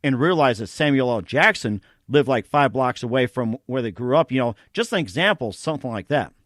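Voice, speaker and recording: A man's voice: mid-range voice, expressive, brisk, fairly bright tone, dry recording. Man hosting an interview, dry close sound. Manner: repetitive phrasing, leans on "as well, too". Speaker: show host. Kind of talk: casual interview.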